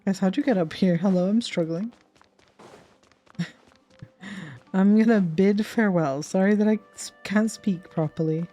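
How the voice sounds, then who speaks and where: A woman's voice: mid-range voice, measured pace, pauses often, warm tone, soft background music. A woman in her twenties casually and emotionally reacting to a game as a streamer, chatty and stumbling over names.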